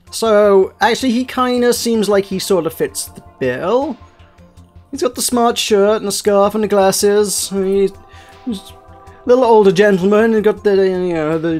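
A man with a slightly high voice thinking aloud as he plays through a game. He rambles, trails off and fills pauses with "um." Faint music runs quietly under his talk. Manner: rambling, hesitant, many "um"s and self-corrections. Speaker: let's play host. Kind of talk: casual gameplay commentary.

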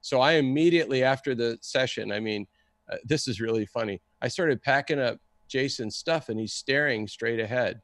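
An excitable man recounts a story in casual conversation. He talks at an ordinary middle pitch and slips into the voices of the people he quotes. The sound is dry and close, with no room echo. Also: normal speed. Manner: animated, acts out the people he quotes. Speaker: guest storyteller.

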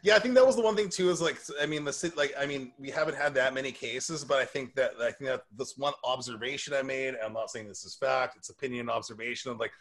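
Laughing, animated man telling stories. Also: mid-range voice, quick pace, few pauses. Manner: animated storyteller, laughs often. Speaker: podcast host and personal trainer. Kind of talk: casual chat.

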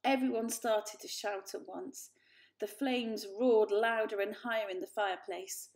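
A woman calmly reading a children's book aloud. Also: medium pitch. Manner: calm, measured narration. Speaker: storyteller.

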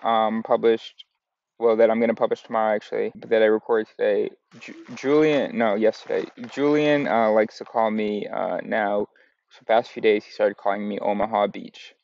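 A man's voice: lowish voice, little pitch movement, normal speed, creaky, a little mellow, highs cut off. A man from the United States talking to camera in a casual, meandering vlog, correcting himself as he goes. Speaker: vlogger. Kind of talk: casual rambling monologue.

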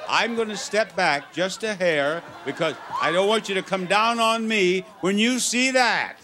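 A man's voice: sits high, a little slow. A man hosting a studio game show, playful and joking with the contestants. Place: television studio before an audience. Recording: studio with crowd noise and music.

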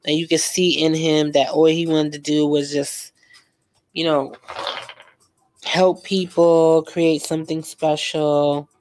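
Young woman, art vlogger, slangy, emotional casual chat, lowish voice. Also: little pitch movement, slow pace, a little mellow. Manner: chatty and emotional, lots of fillers and slang. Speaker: art vlogger painting live. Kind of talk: casual chat while painting.

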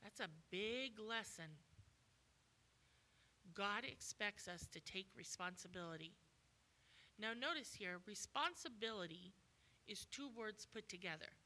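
A woman preaching a sermon as a guest speaker at a church, animated and acting out the voices of people in the story. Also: medium pitch, a little slow, pauses often. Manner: animated, acts out voices in quoted dialogue.

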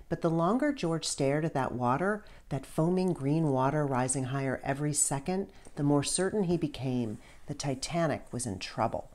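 A woman's voice: sits low, darkish tone. A middle-aged woman, a children's author, reading her book aloud to kids with a storyteller's manner and casual asides.

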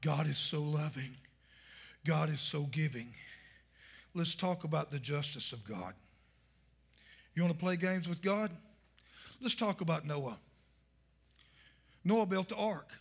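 A male pastor, preaching a fiery sermon and shouting his points. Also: fairly high pitch, gravelly, husky.

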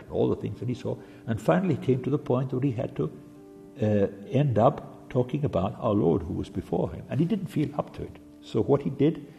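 A man giving a devotional sermon, halting and full of fillers and restarts. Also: lowish voice, vocal fry, dark tone. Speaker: preacher. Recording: long reverb with faint music.

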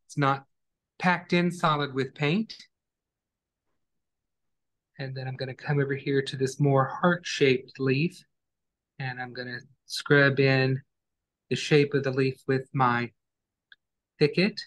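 Slow, calm male painting instructor. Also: medium pitch. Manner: calm, step-by-step, gentle instructions. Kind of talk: online painting class demonstration.

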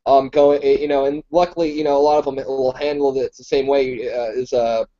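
A man hosting a live Q&A, talking in a halting way and searching for his words mid-sentence. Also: mid-range voice, level tone, mellow, dull audio. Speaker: host. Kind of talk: live Q&A chat.

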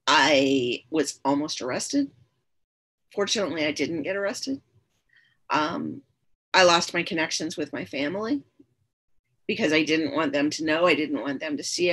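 As a podcast guest, this woman shares personal stories in conversation, speaking earnestly and openly. Her low, husky voice has a fairly bright tone, and she frequently repeats her words for emphasis.

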